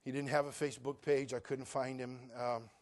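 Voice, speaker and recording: The sermon comes from a middle-aged male pastor of medium pitch who keeps a level tone and moderate pace. Hushed storytelling gives way to loud, ascending declarations as he cites scripture in old-style phrasing.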